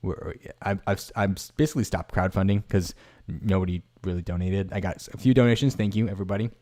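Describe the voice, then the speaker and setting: Rambling, halting podcast host man. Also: low-pitched, steady tone, mellow. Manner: rambling, halting, with frequent restarts and fillers; self-deprecating, laughs at himself. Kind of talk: casual solo podcast talk. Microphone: streamed podcast mic.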